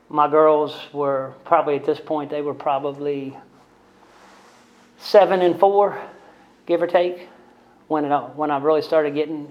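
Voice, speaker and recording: Blunt, candid man on a muffled recording. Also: a little high. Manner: conversational and blunt, with frequent "right?" and "man" tags; self-deprecating humor. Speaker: speaker sharing his recovery story. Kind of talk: candid storytelling talk to a group. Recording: dull lo-fi recording.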